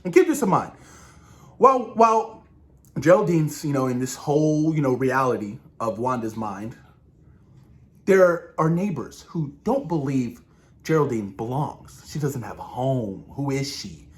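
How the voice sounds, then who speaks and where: A man casually discussing a TV episode, excitable and rambling, swearing freely and acting out his own reactions. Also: medium pitch, unhurried. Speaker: show reviewer.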